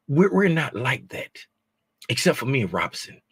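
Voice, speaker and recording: A middle-aged man hosting a casual livestream, greeting viewers by name, sometimes dropping to a hushed, confiding tone. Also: mid-range voice, sing-song, normal speed, creaky, husky, no echo. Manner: drops to a hushed, confiding tone at times. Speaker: livestream host.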